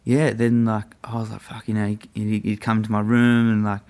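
A young man tells a story in a loose, rambling way, swearing often and leaning on fillers. His voice sits a little low and has a gravelly, crackly edge. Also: completely flat delivery, normal speed, a little mellow. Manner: profane, rambling, full of fillers. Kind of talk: casual storytelling.

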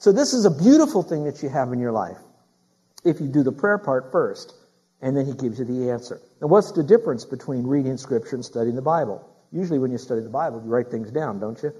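Husky-voiced preacher man, emphatic. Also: medium pitch, expressive, brisk. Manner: emphatic, builds to loud preaching; talks straight to the congregation with questions. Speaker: pastor. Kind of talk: sermon.

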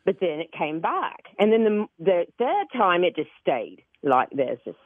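A woman in her forties from Oklahoma who speaks with a British-sounding accent, chatting as a phone-in guest with quick restarts and frequent laughs. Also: on the low side, sing-song, no room sound. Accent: British-sounding accent from foreign accent syndrome. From Oklahoma, United States. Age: 40s. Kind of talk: casual interview chat. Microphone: telephone. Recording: tinny phone line.

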